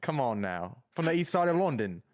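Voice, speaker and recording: A man's voice: mid-range voice, big pitch swings, brisk, close to an everyday voice. A man putting on a hammy mock Cockney geezer. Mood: jokey. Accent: put-on Cockney, deliberately bad. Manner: playful, hammy. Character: joking mock London geezer, adult man.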